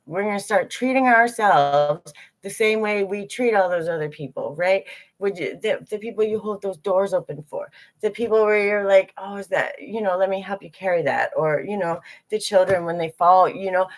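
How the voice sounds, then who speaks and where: Lively woman teaching a small group. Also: on the low side. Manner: animated, acts out inner voices. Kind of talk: live teaching talk to a group.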